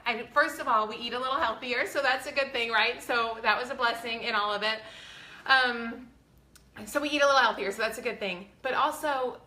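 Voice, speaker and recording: Bright-voiced earnest woman in her forties. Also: fairly high pitch, reverberant. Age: 40s. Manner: earnest, faith-filled, chatty with many fillers. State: close to tears. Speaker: vlogger. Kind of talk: casual heartfelt talk to viewers.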